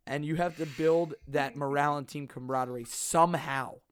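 A man's voice: fairly high pitch, fairly even intonation, a little fast, smooth, no echo. Blunt, joking man podcast host. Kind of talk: casual podcast chat.

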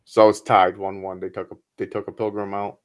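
This man has a slightly low voice and chats in a loose, profane way. He talks back at the screen with animated reactions. He sounds relaxed, the way someone talks while hanging out with friends. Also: fairly quick. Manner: profane, animated commentary on a film. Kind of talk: casual reaction chat.

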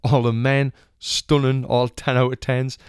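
A retired boxer, young and English with a Sunderland accent, tells a casual story in a smooth, mid-range voice with a level tone and a slightly slow pace. He's chatty, curses freely and acts out the people he mentions. Studio quality, no room sound.

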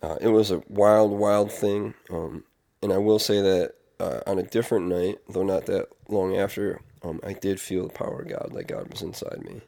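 A man's voice: low-pitched, steady tone, normal speed, creaky, warm tone. A man talking in a casual confessional monologue, rambling and earnest, with many fillers and restarts. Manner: earnest, reflective. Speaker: vlogger.

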